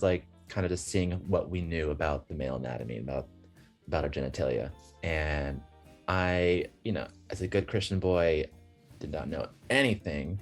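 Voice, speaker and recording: A young man from the United States, a guest on a video call, telling stories in a lively way with lots of laughing and acted-out voices. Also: low voice. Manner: animated, laughing, acts out voices in his stories. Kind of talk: casual storytelling chat.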